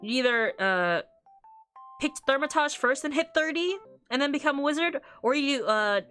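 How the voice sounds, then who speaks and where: A woman's voice: sits high, animated, normal speed, fairly bright tone, soft background music. A woman streamer in a casual, rambling chat, often breaking into laughter.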